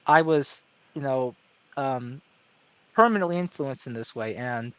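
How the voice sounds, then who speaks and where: A man speaking in an articulate, measured way during a casual panel chat, with no regional accent. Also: mid-range voice, fairly bright tone, smooth, dry recording. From American South. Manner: articulate, measured, with many fillers and restarts. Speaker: panel guest.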